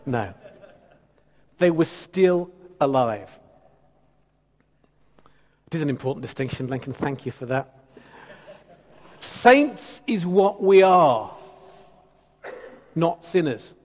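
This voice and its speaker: A man's voice: a little high, sing-song, slow, pauses often. A man preaching a sermon in a conversational, teasing, emphatic way. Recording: reverberant hall.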